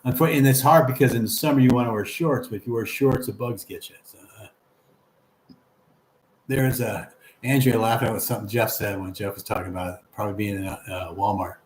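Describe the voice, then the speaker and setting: Guy doing a chill livestream, reading the chat out loud, kinda echoey room, a little background hum. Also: on the low side, steady tone, fairly quick. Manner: reads comments aloud and chuckles along, chatty and encouraging.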